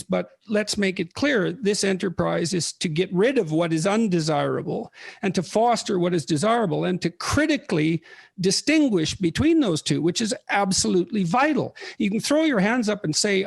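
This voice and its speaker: A man's voice: high-pitched, creaky, husky, no room sound. A man hosting a podcast interview, talking in an earnest, emphatic, lecturing way. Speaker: podcast host. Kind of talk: interview conversation.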